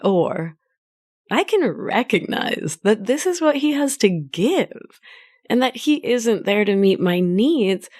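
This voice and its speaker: A woman hosting her own podcast as a life coach, speaking in a gentle, affectionate coaching tone. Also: medium pitch, sing-song, slow pace. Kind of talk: solo podcast monologue.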